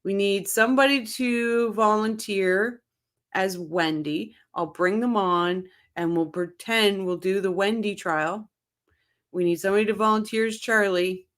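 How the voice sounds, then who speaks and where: A woman's voice: medium pitch, unhurried, a bit bright. A woman from Ontario hosting a casual livestream, chatting with viewers by name and laughing often. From Canada, Ontario. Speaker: livestream host reading viewer chat.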